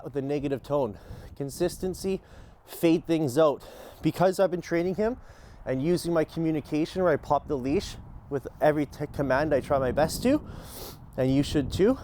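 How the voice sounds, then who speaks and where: Male dog trainer, higher-pitched voice, talks through drills and snaps out cheerful commands. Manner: explains calmly, then barks short upbeat commands to the dog. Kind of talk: hands-on training demonstration. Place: outdoors in a yard, training a dog.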